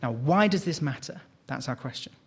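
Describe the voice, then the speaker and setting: A man preaching a sermon, expressive and questioning, reading scripture aloud and explaining it. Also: mid-range voice, moderate pace, breathy edge.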